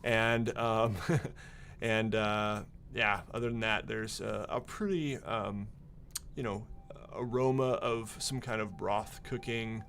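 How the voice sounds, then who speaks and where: A man's voice: on the low side, little pitch movement, takes it slowly, gravelly, fairly bright tone, a little hiss or hum. A man running a tabletop game as game master, narrating in an easygoing, rambling way with many fillers.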